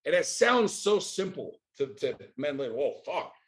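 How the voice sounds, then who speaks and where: A man's voice: a little high, sing-song, a little slow. Intense, profane middle-aged man. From United States. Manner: intense, profane, preachy rhetorical questions. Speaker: podcast guest. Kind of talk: candid interview talk.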